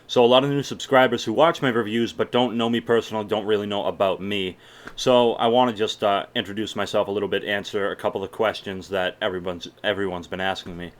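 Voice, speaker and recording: A man's voice: fairly low pitch, fairly even intonation, quick pace. A nineteen-year-old man from Massachusetts, casually hosting a Q&A video for his channel in an upbeat, chatty way. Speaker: YouTube reviewer. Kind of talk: casual vlog Q&A.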